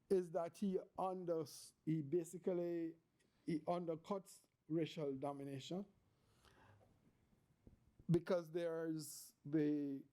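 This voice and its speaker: A man giving an academic panel talk, halting and restarting often, with emphatic points. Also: a little high, mellow.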